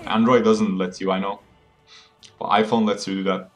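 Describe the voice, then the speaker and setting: Laid-back low-voiced male game streamer. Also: little pitch movement, normal speed, faint music behind. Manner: laid-back, chatty, laughs often, reads chat aloud. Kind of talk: casual live-stream chat with viewers. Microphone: phone game audio with voice mic.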